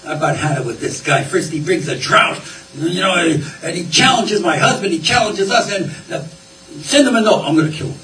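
A man's voice: high-pitched, a little fast, bright, forceful tone, slight background noise. Man doing an angry scheming queen, vengeful, echoey hall, distant. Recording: roomy, distant, faint ambience.

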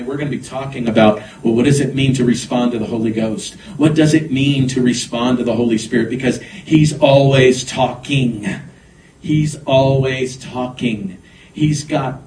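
A man preaching a sermon as pastor and leading a closing prayer. His preaching swells loud and high, then drops to a soft prayer. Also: a little hiss or hum. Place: church sanctuary. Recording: echoey room, picked up from a distance.

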